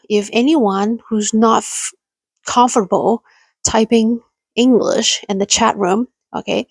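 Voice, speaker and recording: A woman's voice: mid-range voice, no room sound, poor audio. A woman hosting a casual livestream chat, rambling and laughing often as she reads out viewers' messages. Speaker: livestream host.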